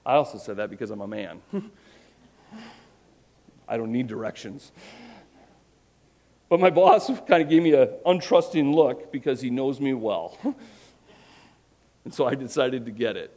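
A man's voice: mid-range voice, lively intonation, unhurried, long pauses, warm tone. A man preaching a sermon, earnest and emphatic, with self-deprecating humor. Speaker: pastor.

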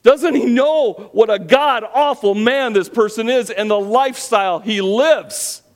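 Bitter, grumbling crowd man put on by a preacher: high, loud, and outraged. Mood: indignant. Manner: outraged, rapid rhetorical questions.

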